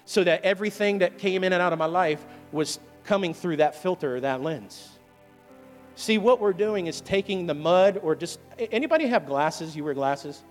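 High-voiced preaching pastor in a reverberant church. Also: male voice, expressive, normal speed. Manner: call-and-response preaching, asks the congregation questions. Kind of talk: sermon. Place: church sanctuary. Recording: long hall reverb with faint music.

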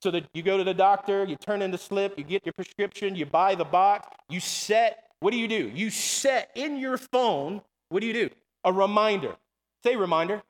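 A man's voice: sits high, moderate pace. A man preaching a sermon in a church, calling to the congregation with repeated "come on" and "amen". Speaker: pastor. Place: church sanctuary. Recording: long hall reverb.

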